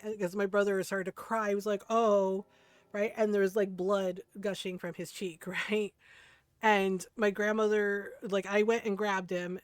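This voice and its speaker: A woman's voice: mid-range voice, no room sound. A woman streamer casually telling a story to her live chat, rambling and often laughing, checking in with "right?" after many lines. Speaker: game streamer.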